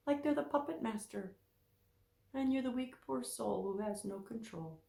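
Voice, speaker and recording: A woman therapist speaking straight to her viewers, emphatic and animated, repeating her key points for weight. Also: on the high side, moderate pace, gravelly, reverberant. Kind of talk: direct-to-camera talk.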